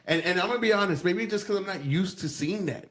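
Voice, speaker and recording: Man, podcast co-host, rapid talk, slightly high voice, animated and profane. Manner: animated, profane, acts out quotes. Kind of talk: casual political chat.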